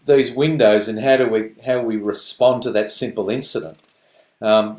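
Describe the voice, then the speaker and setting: A man presenting to parents on a video call, animated and playful, slipping into quick voices to act out parents and children. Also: mid-range voice, echoey room.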